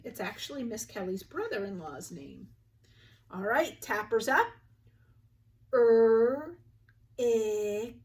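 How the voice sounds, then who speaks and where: A young woman teacher giving a phonics lesson to young children, patiently sounding out each word and having them repeat it. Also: mid-range voice. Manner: clear, patient, sounds words out slowly. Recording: voice a little distant from the mic.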